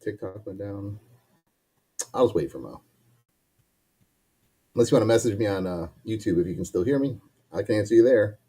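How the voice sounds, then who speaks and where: Low, husky man co-hosting a chat. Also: animated, moderate pace, pauses often, warm tone. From Ohio. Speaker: co-host. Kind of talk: casual live-stream chat.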